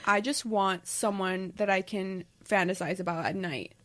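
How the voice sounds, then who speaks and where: A woman's voice: mid-range voice, fairly even intonation, moderate pace. A woman guest on a podcast, chatting candidly and playfully dramatizing her dating life. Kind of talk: casual chat.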